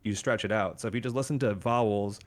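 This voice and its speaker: Lower-voiced man explaining casually. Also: fast talker. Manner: hesitant, explains step by step with many fillers. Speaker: podcast co-host. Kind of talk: casual chat.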